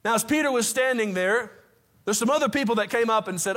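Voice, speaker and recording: Male pastor, high voice, fiery sermon delivery with casual asides to the congregation. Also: fast talker. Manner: impassioned, rising to near shouts.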